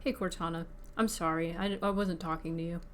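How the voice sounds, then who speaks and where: A woman streamer in casual livestream chat, chatty and excitable, talking while eating. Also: on the low side, fairly quick, a little hiss or hum. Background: faint background music.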